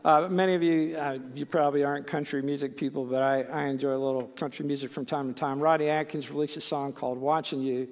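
Gravelly middle-aged male pastor preaching. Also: a little high, level tone, fast, hardly any pauses, big-room sound. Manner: conversational, with many fillers and "right?" asides. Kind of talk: sermon.

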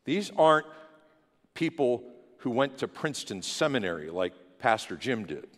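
A man's voice: mid-range voice, big pitch swings, normal speed. Impassioned male preacher in reverberant church. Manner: impassioned preaching that swells to loud declarations. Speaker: pastor. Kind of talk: sermon. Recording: long hall reverb in a church.

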